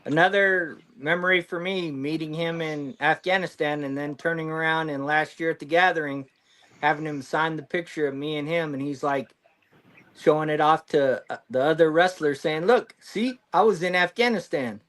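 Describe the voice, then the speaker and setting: A man's voice: on the high side, fairly even intonation, normal speed, a bit bright. A man in casual chat, playfully refusing and telling a story. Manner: emphatic refusals, laughing.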